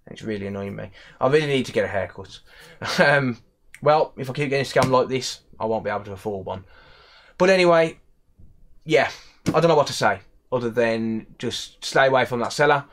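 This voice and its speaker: Brief: young West Midlands man, repair tech vlogger, irritated rant, mid-pitched voice. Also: lively intonation, normal speed, a little hiss or hum. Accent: West Midlands English. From England. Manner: annoyed, ranting, repeats himself. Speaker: electronics repair technician. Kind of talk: casual vlog commentary.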